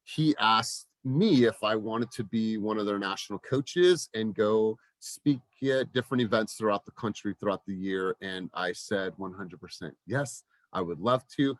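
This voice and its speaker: A man in his forties, a real estate team coach, giving an energetic motivational talk to his team, often repeating words and restarting sentences. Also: lowish voice, moderate pace, dry recording. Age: 40s.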